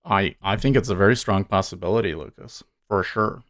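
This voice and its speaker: A man's voice: low voice, a bit bright. A man streaming live day trading, talking casually and thinking aloud as he watches the market. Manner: thinks aloud, musing and unhurried.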